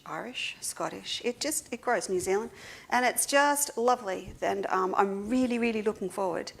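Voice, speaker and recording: A woman's voice: medium pitch, gravelly. An Australian woman hosting a casual livestream for her quilting shop, chatting to viewers and greeting them one by one by name. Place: seated at a table indoors.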